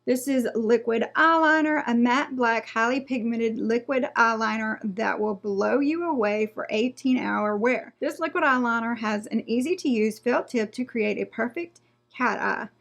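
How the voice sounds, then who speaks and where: A chatty woman talks through a beauty unboxing. Her voice sits a little high with a gravelly edge. She reads out product details, then trails off and restarts mid-thought. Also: moderate pace, muffled recording. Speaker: beauty vlogger. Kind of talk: casual unboxing chat.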